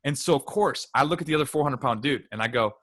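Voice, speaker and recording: A man from Michigan co-hosting a podcast, telling stories in a casual, animated way with quick asides. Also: medium pitch. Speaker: podcast co-host.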